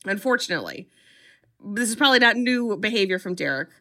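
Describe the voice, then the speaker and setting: A woman co-hosting a comedy podcast, recapping a horror film with lively storytelling and sarcastic asides. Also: medium pitch, fairly quick.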